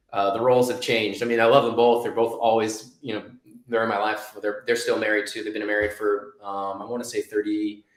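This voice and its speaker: A man's voice: lowish voice, fairly bright tone, reverberant, poor audio. A man in his thirties telling a personal story as an interview guest, rambling with many restarts and fillers.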